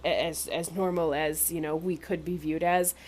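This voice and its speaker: A woman player talking casually about her character, halting and restarting often. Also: deep voice, fairly even intonation, a little mellow, slight background noise. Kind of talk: casual tabletop game chat.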